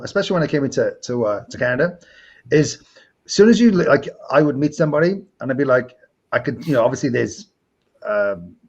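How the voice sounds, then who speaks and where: A middle-aged man from Wales with a Welsh accent, a podcast host chatting casually and telling lively stories. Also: mid-range voice, vocal fry, slightly rough, highs cut off. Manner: animated storyteller, acts out quoted people. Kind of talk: casual chat.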